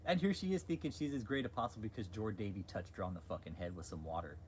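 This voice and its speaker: A man's voice: low voice, lively intonation, fast, a little mellow, slight background noise, low-quality recording. A man hosting a livestream, ranting in a crude, heated, sarcastic way. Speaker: livestream host. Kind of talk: profane livestream rant.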